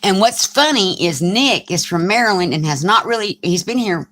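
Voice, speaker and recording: A woman's voice: mid-range voice, animated, normal speed, a bit bright. Chatty Southern woman on a live stream. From Alabama, US. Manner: chatty, teasing, reads comments aloud. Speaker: crafting channel host. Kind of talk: casual live-stream chat.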